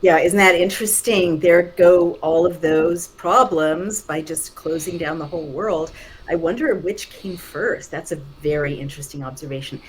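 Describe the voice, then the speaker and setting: Low-voiced middle-aged woman host. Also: moderate pace, slight background noise, poor audio. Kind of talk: casual conversation.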